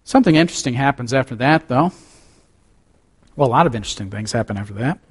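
A man's voice: mid-range voice, lively intonation, fast talker, breathy edge. A man preaching a sermon, reading scripture aloud with dramatic rises and drops and adding conversational asides. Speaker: pastor.

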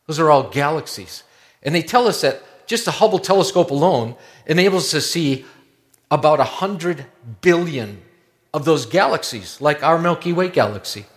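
A man preaching a sermon in a conversational, wondering way, often dropping to a hushed low tone. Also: lively intonation, moderate pace. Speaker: pastor.

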